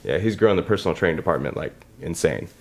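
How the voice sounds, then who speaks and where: Guy guesting on a podcast, low deep voice, easygoing about his gym. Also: lively intonation, quick pace, creaky. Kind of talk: casual interview answers.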